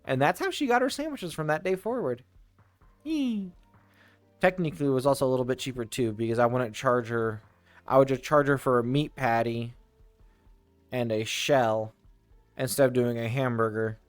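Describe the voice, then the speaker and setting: A man rambling through casual stories, often restarting his sentences and drifting into tangents. His voice sits at an ordinary middle pitch. The sound is dry and close, with faint music playing behind him. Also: no echo. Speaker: streamer telling stories. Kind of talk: casual storytelling.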